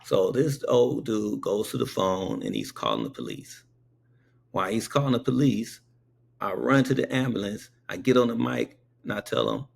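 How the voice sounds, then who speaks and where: A man's voice: fairly low pitch, big pitch swings, moderate pace, gravelly, slightly rough. A man who works as a paramedic telling a personal anecdote, emphatic and punctuating his points with rhetorical checks on the listener. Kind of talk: spoken anecdote.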